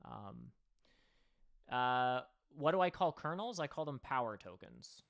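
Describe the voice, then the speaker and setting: A man's voice: medium pitch, wildly swooping pitch, unhurried, creaky, fairly bright tone, dull audio. A man hosting a livestream and commenting casually on a board game match. He thinks aloud and talks straight to his viewers.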